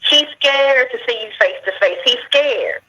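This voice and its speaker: A woman's voice: a little high, expressive, normal speed, sharp tone, slightly rough. A woman calling in on a phone line, cautioning the host in casual, friendly chat. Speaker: caller.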